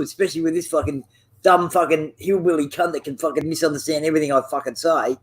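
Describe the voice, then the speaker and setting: A high-pitched man chatting with a friend while gaming. He rambles, trades insults and swears in nearly every sentence, circling back through fillers as he goes. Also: fairly even intonation, fast talker. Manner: profane, rambling, teasing. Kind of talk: casual banter over voice chat.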